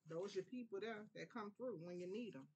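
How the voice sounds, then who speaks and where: A woman from New Orleans with a New Orleans accent, giving a relaxed, prayerful tarot reading in a conversational way. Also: medium pitch, moderate pace, slight background noise. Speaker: tarot reader. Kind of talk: casual spiritual tarot reading.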